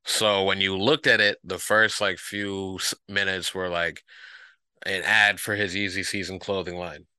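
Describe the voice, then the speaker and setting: Bright-voiced man telling a story animatedly. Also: low voice, unhurried, smooth, no room sound. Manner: animated storyteller, acts out quotes. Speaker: podcast co-host. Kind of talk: casual chat.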